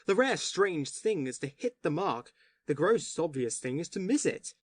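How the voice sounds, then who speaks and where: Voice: medium pitch, very animated, moderate pace, slightly rough, dry recording, studio quality. A reader voicing a passionate male poet who argues with fervent oratory, in audiobook dialogue. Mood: impassioned. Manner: impassioned, oratorical arguing.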